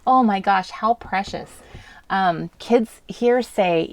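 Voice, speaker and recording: A woman from the US West Coast chats casually through a crafting live stream, rambling from one thought to the next and breaking into laughter often. Her voice sits at an ordinary middle pitch. She is recorded dry and close at a home desk webcam setup, with no room echo. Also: slow, creaky.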